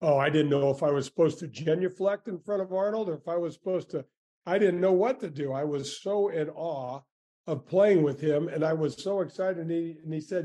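A man in his sixties, a former tour golfer, telling stories in a casual interview with lively warmth and frequent restarts. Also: on the high side, fairly quick. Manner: animated, grateful storyteller with many restarts.

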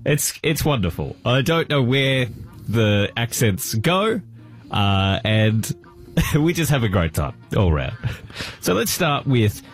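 Animated man, radio co-host. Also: medium pitch, slow pace, soft background music. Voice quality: animated, laughing often. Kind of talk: breakfast radio banter.

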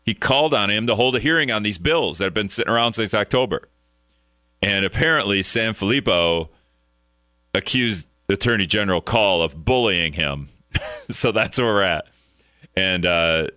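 Deep, bright-voiced talk radio host. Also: male voice, no room sound, clean studio sound. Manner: wry, casual, chuckles at absurd news. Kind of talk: call-in radio talk, reading news aloud.

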